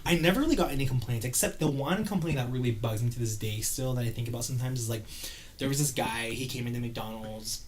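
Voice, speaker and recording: A man's voice: mid-range voice, quick pace, slight background noise. A young man co-hosting a podcast, telling long rambling stories full of swearing. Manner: rambling profane storyteller. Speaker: podcast co-host. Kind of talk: casual chat.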